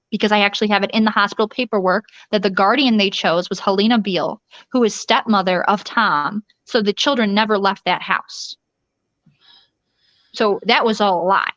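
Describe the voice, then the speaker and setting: A woman interview guest telling a personal ordeal in a rushed, urgent way, often restarting sentences and acting out quoted dialogue. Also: mid-range voice, fairly bright tone, no echo. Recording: dull lo-fi dry recording.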